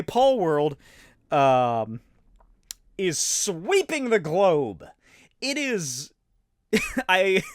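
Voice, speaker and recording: A man's voice: high-pitched, a bit bright, dry recording, studio quality. A man in his thirties chatting casually and rambling as host of a solo show, swearing and laughing often. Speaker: podcast host.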